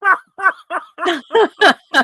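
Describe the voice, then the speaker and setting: A woman's voice: very high-pitched, very slow, pushed and bright, no room sound, studio quality. A woman co-hosting a podcast on a video call, playful and teasing. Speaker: podcast co-host. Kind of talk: casual podcast chat.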